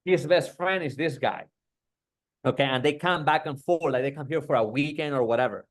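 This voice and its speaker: A man's voice: a little high, a little fast. A man in casual chat, talking loosely and profanely, peppering everything with "bro" and "like". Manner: profane, rambling, lots of "bro" and "like".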